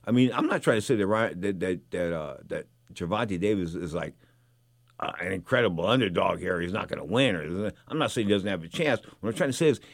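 A man's voice: on the low side, dry recording, studio quality. An older man, a former boxer, talking casually and rambling through stories, repeating himself often. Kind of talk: casual monologue.

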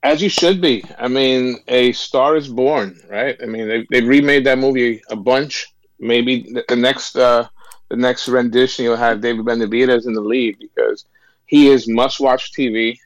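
A man appearing as a boxing analyst guest, speaking in a calm, measured, easygoing way. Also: medium pitch, no room sound, low-quality recording. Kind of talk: casual chat.

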